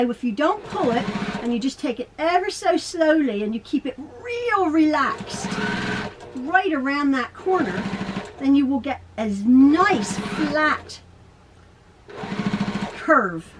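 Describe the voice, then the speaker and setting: A middle-aged woman with a high voice teaches quilting from her home sewing room. She rambles, talks to herself and laughs as she sews. A sewing machine runs clearly behind her. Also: expressive, takes it slowly, noisy background. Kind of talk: chatty home sewing tutorial.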